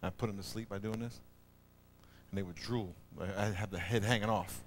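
Animated, folksy middle-aged pastor preaching. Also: male voice, fairly low pitch, a little fast, a little hiss or hum. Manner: animated, folksy, storytelling, often loud and emphatic. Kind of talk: sermon. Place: church auditorium.

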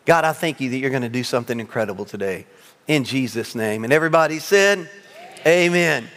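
A male pastor preaching a sermon to his congregation, telling funny personal stories with lively, self-mocking humor. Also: mid-range voice, fast talker, long reverb tail. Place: large church sanctuary.

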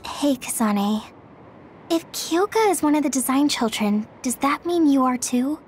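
Timid gentle girl, stammering and apologetic, high pitch, over game music. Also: lively intonation, measured pace. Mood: flustered. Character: timid, gentle young girl, easily flustered. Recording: game audio with music behind.

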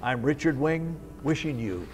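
A minister telling a story in a short devotional message, in a measured, unhurried way. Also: male voice, a little high, lively intonation. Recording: long reverb with faint music.

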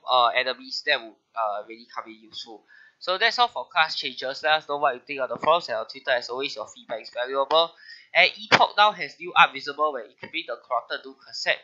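A man with a medium-pitched voice, bright and forceful in tone, hosts a casual gaming video while sick with a bad flu that leaves him sounding nasal. He goes through game update notes, dropping frequent "uh" fillers, and the audio sounds dull.

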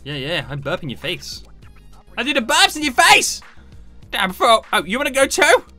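Animated gaming commentator. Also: male voice, very high voice, normal speed, soft background music. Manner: animated, shouts and talks to himself while playing. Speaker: gaming YouTuber. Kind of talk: excited gameplay commentary.

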